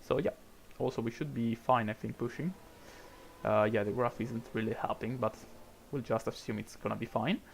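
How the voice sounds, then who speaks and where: There's a little hiss or hum as a young man from Italy, with an Italian accent, casually commentates his racing game stream. His medium-pitched voice is steady in tone with vocal fry, at normal speed, and he rambles chattily, restarting often and laughing softly.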